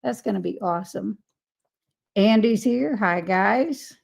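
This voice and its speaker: A woman's voice: mid-range voice, a little slow, vocal fry. A woman hosting a casual live stream, greeting viewers by name and reading their chat comments aloud with frequent laughter.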